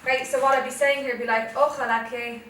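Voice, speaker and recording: A young Irish woman leads a Spanish revision lesson in a classroom, talking quickly in a high, steady voice that sounds pushed and bright. She goes through the material step by step and keeps checking with "okay?". The recording picks her up from a distance in an echoey room with faint noise.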